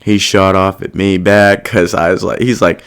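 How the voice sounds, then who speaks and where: A man's voice: low-pitched, flat delivery, moderate pace, fairly bright tone, clear, resonant tone. A young man hosting a podcast, talking through his feelings in a rambling, self-reflective and heavily profane casual monologue. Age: young adult. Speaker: podcast host.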